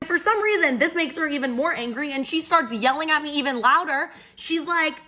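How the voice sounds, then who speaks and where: Young woman in her twenties, bright voice, chatty casual storytime, animated. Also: high voice, fairly quick, few pauses. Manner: chatty, animated, many "like" fillers.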